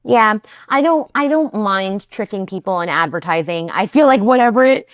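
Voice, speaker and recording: A woman's voice: mid-range voice, animated, moderate pace, no room sound, studio quality. A woman from New Jersey co-hosting a casual podcast chat, enthusiastic and chatty with frequent fillers. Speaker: co-host.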